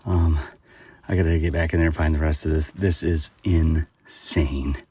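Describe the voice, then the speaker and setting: A man's voice: extremely low pitch, little pitch movement, fast talker, mellow, husky, far from the mic. A man hosting a metal detecting vlog outdoors at a dig site, talking with lots of fillers and exclamations as he digs. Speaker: metal detecting channel host.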